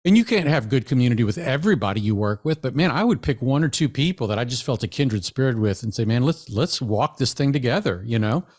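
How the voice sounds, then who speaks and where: A man, a psychologist, giving a lively, conversational professional development talk to teachers, often acting out quoted voices. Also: mid-range voice, fast, few pauses.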